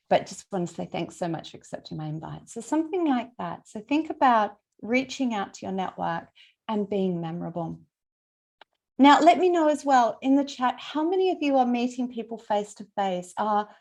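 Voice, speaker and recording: A woman teaching a webinar over a video call, in a chatty, conversational way that checks in with attendees by name. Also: on the high side. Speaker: LinkedIn trainer presenting a webinar. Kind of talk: casual, chatty workshop teaching.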